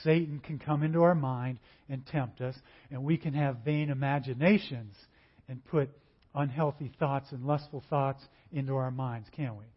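A man preaching a sermon, conversational and animated, acting out little dialogues in different voices. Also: medium pitch, normal speed. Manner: acts out dialogues in varied voices. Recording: dull lo-fi recording.

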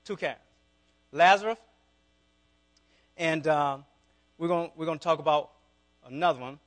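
A man's voice: fairly high pitch, normal speed, a bit bright. Southern man preaching a fervent sermon. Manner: preaches with rising, fervent calls and asides to the congregation. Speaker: pastor.

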